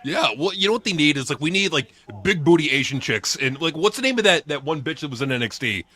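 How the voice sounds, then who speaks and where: A man's voice: a little high, animated, fast, pushed and bright, dry recording. A man co-hosting a casual watch-along chat, wisecracking and laughing. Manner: wisecracking, laughing, short replies. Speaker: co-host. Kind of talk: casual profane chat while watching wrestling.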